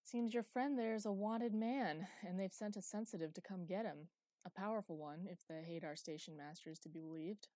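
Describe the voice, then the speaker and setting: A woman's voice: fairly low pitch, fairly even intonation, a little fast, mellow, dry recording, lightly acted. Woman playing a firm, weary colony chief. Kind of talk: audiobook character voice.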